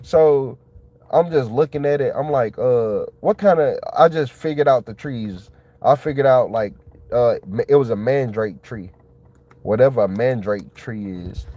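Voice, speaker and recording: Excitable man rambling in slang. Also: medium pitch, slight background noise. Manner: excitable, colloquial, repeats himself. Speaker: channel host. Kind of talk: casual rambling monologue.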